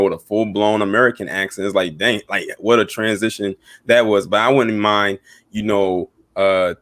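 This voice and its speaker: A relaxed male guest on a pop culture chat, speaking in a low voice. The sound is dry and close, with no room echo. He talks easily and goes along with the host. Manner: relaxed, agreeable, frequent backchannels.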